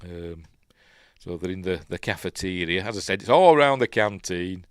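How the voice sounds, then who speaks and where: A man with a low, expressive voice and a Yorkshire accent hosts a casual film breakdown at normal speed, sounding smooth. He rambles, gets emotional and chatty, and fills his talk with ums and uhs. The clean studio recording has no room sound.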